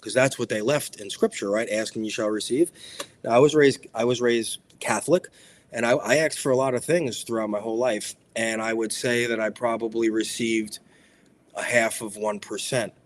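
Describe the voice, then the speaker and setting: A man's voice: mid-range voice, fairly even intonation, moderate pace. A man hosting a motivational spiritual talk, emphatic and repetitive in a preacherly way. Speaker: spiritual speaker and show host.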